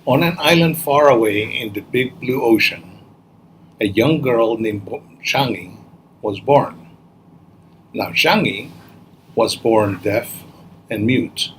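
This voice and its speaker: Slow, gentle male storyteller. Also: mid-range voice, slight background noise, poor audio. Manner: gentle, expressive, unhurried. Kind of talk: children's story narration.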